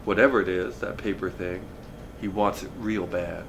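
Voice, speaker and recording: A man's voice: deep voice, normal speed, creaky, background noise. Man casually reading a novel aloud. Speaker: reader of a novel.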